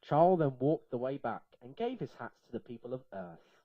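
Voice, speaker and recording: A man reading a comic story aloud in a playful, lively way. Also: mid-range voice, normal speed, dry recording, narrow, tinny audio.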